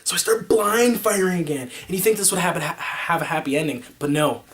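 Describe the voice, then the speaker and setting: A man vlogging, telling a story casually to the camera, rambling and animated, making his own sound effects. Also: a little high, brisk, slight background noise.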